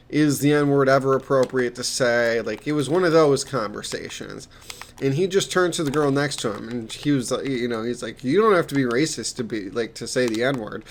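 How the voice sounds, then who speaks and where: A man's voice: medium pitch, a little hiss or hum. Rambling young man telling work stories. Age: young adult. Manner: rambling, halting, many restarts and fillers, swears. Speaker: peer mentor telling stories. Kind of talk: casual rambling storytelling.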